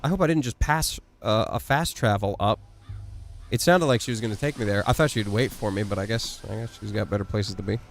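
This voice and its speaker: A man streaming a video game, chatting casually with animated, self-deprecating remarks. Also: lowish voice, a little fast, faint music behind. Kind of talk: gameplay commentary.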